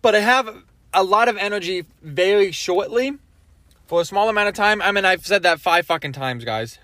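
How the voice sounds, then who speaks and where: A man's voice: high-pitched, lively intonation, normal speed, sharp tone, dry recording. A man hosting his own podcast alone, rambling from topic to topic in casual chat and swearing freely. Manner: scattered, jumps between topics, swears often. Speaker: podcast host.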